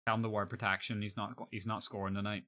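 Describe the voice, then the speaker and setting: A man's voice: on the low side, flat delivery, quick pace, sharp tone. A young man chatting casually on a live stream, joking and swearing freely.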